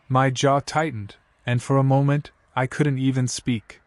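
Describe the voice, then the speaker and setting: A man telling a dramatic first-person story in steady, scripted narration. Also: mid-range voice, a little slow, few pauses, no room sound.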